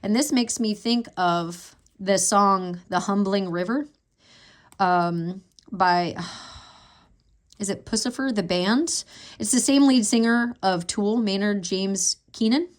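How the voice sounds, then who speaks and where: A woman's voice: medium pitch, takes it slowly. Emotional, meandering woman tarot reader. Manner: meandering, emotional, thinking aloud. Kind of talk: casual tarot reading.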